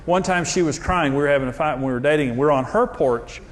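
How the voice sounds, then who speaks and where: A man's voice: a little high, quick pace. A man preaching in a humorous, self-deprecating storytelling way, using jokes and anecdotes. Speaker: pastor.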